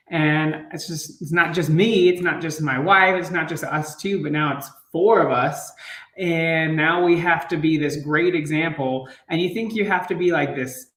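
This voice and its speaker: A man's voice: a little high, fairly bright tone, far from the mic. A man in his thirties, a fitness coach and father, chatting casually to viewers and laughing often. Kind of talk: casual live chat to viewers. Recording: roomy, off-mic.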